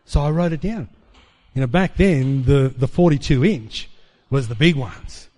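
A man preaching, telling a personal testimony as an animated storyteller who acts out the dialogue. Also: mid-range voice, a little slow.

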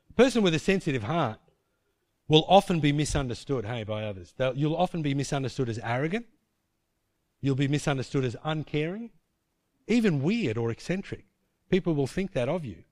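A man's voice: mid-range voice, animated, brisk, darkish tone, no room sound, clean studio sound. A man preaching a sermon, telling a personal story in vivid scenes, often restarting his sentences.

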